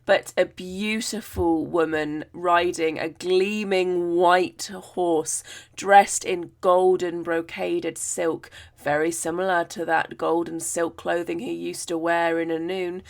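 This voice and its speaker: A woman's voice: on the low side, flat delivery, slow pace, creaky. A woman podcast host retelling myths in a chatty, jokey way with many fillers. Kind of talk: casual storytelling of myths.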